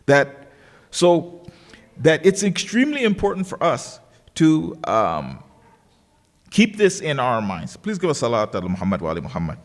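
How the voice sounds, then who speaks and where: Guy preaching a sermon, storyteller, voice jumps all over, echoey hall. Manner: storytelling, acting out voices in quotes with big pitch swings. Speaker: sheikh giving a religious lecture. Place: lecture hall of a learning center.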